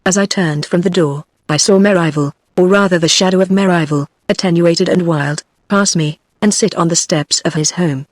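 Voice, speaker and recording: A text-to-speech woman's voice with a British English accent, reading a novel aloud as an audiobook narrator in an even, synthetic manner. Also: on the low side, brisk, few pauses, no room sound. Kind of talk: scripted narration. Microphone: synthetic, no room.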